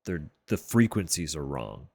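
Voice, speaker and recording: A man streamer chatting casually from a room at home, keeping his voice level and low and swearing offhandedly. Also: sing-song, measured pace, vocal fry, darkish tone, slightly rough. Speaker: livestreamer. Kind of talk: casual chat on a live stream. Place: room at home sharing a wall with a neighbor's bedroom.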